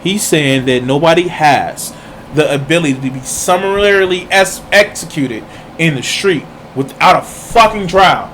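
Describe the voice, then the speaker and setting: A man's voice: fairly high pitch, lively intonation, a little slow, fairly bright tone, slight background noise. A man streaming reaction commentary, heated and mocking, swearing constantly as he picks apart a clip.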